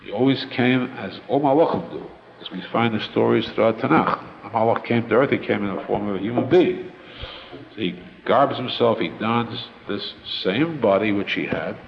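A man giving a Torah lecture as a rabbi, explaining slowly with many pauses and restatements. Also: on the low side, vocal fry, big-room sound, dull audio, slight background noise.

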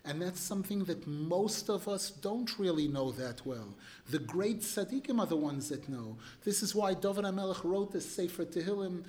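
A man as religious teacher giving an animated storytelling sermon, emphatic and clearing his throat now and then. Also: high-pitched, normal speed, few pauses, a little hiss or hum.

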